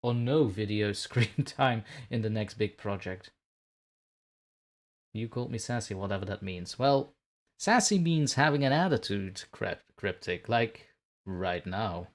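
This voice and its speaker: A man's voice: on the low side, expressive, measured pace. Man hosting a playful livestream chat. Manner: playful, teasing banter while reading chat aloud. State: just got home, a bit scatterbrained. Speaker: livestream host.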